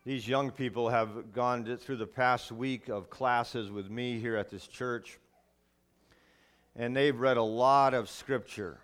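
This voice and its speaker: A man's voice: medium pitch, steady tone, takes it slowly, fairly bright tone. A man pastor preaching a sermon in church, reading scripture and then speaking earnestly to the young people being confirmed, often asking them questions.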